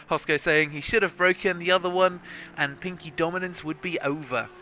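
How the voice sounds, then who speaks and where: Bright-voiced chatty male race commentator. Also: on the high side, normal speed, slight background noise. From South Africa. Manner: chatty, joking, self-deprecating, laughs often. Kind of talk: live sim racing commentary.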